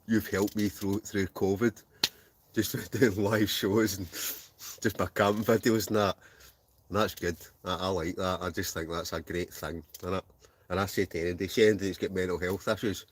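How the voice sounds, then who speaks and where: A man's voice: deep voice, no room sound. A Scottish man hosting a casual live stream from a heated camping tent, bantering and laughing as he reads out viewer messages. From Scotland.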